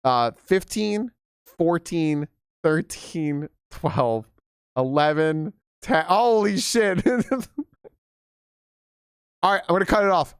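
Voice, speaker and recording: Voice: medium pitch, expressive, slow, clear, resonant tone, no room sound, clean studio sound. A young adult live streamer chatting casually with viewers, giggling often, swearing freely and rambling through restarts.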